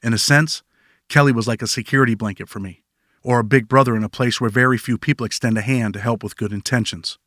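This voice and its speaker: A man reads his own memoir aloud in a reflective first-person manner. His voice sits in a middle pitch and the recording is dry and close, with no room sound. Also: steady tone, fast talker, a bit bright, dry recording. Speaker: author narrating his memoir. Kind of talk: memoir audiobook narration.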